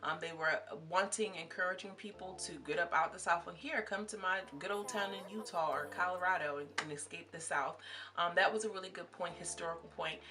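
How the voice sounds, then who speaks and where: A woman's voice: fairly low pitch, sharp tone. A young woman vlogger giving chatty, emphatic commentary on a series and talking straight to her viewers. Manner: chatty and emphatic, addressing viewers as sis and girl. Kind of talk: casual commentary.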